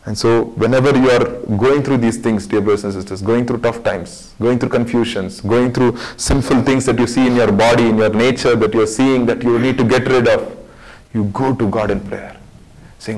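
A man's voice: mid-range voice, fairly even intonation, normal speed, a little mellow, poor audio. A man teaching a Bible study sermon in an earnest way, repeating phrases for emphasis.

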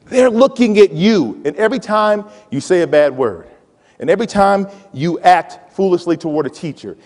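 Animated man speaking in a large hall. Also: high voice. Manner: animated, playful, calls out to the audience. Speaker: college president giving a talk. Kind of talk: motivational speech to students. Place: large hall with a live audience. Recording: hall reverb.

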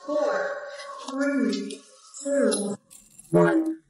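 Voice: medium pitch, expressive, drawn-out words, darkish tone, slight background noise. A woman's text-to-speech voice playing a cold, calculating inventor who speaks matter-of-factly in a storytime.

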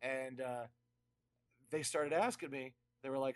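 A man's voice: medium pitch, steady tone, moderate pace, clear, resonant tone. A man telling a story in casual podcast chat, rambling, with restarts. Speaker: guest musician.

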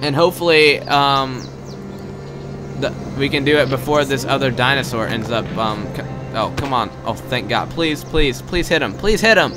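A young man giving live gameplay commentary. He is excitable and swears a lot, swinging between loud outbursts and muttered asides. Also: mid-range voice, normal speed, over music.

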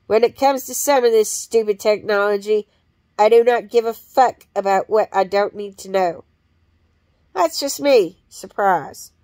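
A woman's voice: medium pitch, a little slow, darkish tone, no room sound. A woman talking in a rambling, profane and blunt monologue.

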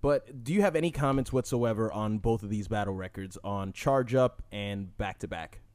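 A man's voice: fairly low pitch, moderate pace, darkish tone, no room sound. A man co-hosting a podcast in loose casual chat, laughing and tripping over his words. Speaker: podcast co-host.

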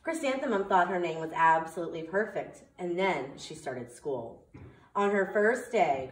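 Woman preschool teacher, slow clear sing-song delivery, circle time read-aloud, off-mic, roomy echo. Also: sits low, far from the mic.

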